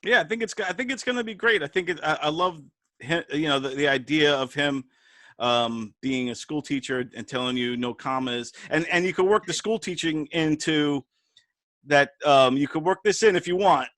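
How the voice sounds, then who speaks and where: A man hosting a comedy talk show, chatting casually, halting and laughing easily. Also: fairly high pitch, fairly bright tone, no echo. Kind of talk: casual chat.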